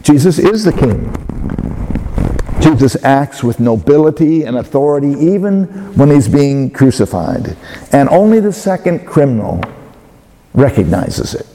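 A man giving a sermon as a pastor, speaking in a measured way with hesitant fillers and restarts. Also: mid-range voice, very animated, warm tone, slight background noise. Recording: long hall reverb.

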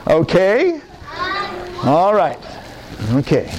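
A male pastor leads a children's sermon in a slow, coaxing, playful way. His voice sits high and moves a lot in pitch. Faint background noise runs under it. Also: huge pitch swings.

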